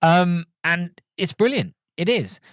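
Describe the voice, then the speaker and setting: A man's voice: high voice, very animated, takes it slowly, fairly bright tone, dry recording. A man hosting a podcast, reviewing a film in a rambling, casual way full of fillers and self-corrections. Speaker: podcast host.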